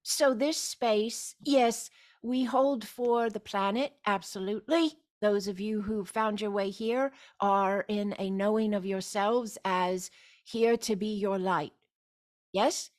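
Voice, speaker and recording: A woman speaks at an unhurried, languid pace over a video call, leading a meditative spiritual gathering. Her pitch sits at a middling level for a woman, and she lingers on her vowels. She often breaks in with loud, emphatic cries of yes. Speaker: spiritual teacher hosting a group meeting. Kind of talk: slow meditative spiritual talk.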